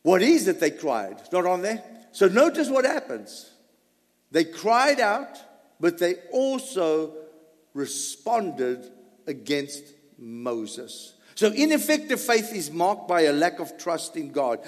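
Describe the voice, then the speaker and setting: A man preaching a sermon, swinging between loud emphasis and soft asides. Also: sits high, huge pitch swings, takes it slowly. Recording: long hall reverb.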